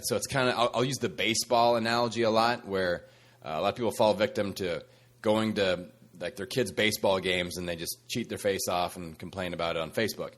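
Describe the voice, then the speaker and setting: A fitness coach hosting his own podcast, speaking in a slightly low male voice. He talks to listeners in an upbeat, motivational way, teasing them with a sassy edge while he coaches.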